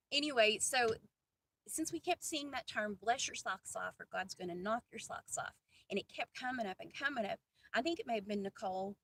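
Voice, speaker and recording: A woman's voice: on the high side, a bit bright, slightly rough. A woman from the American South, giving a casual, chatty devotional talk full of asides and self-deprecating jokes. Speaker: faith vlogger. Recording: distant mic with faint ambient noise.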